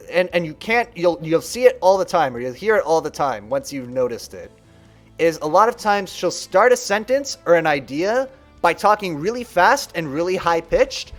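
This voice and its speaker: A man streaming a card video game, chatting casually and rambling about how people play. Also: on the high side. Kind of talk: casual gameplay commentary.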